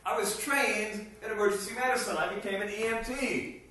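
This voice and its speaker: A man preaching a sermon, animated and rising to emphatic bursts. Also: sits high, brisk. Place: meeting hall. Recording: echoey room from far off with faint noise.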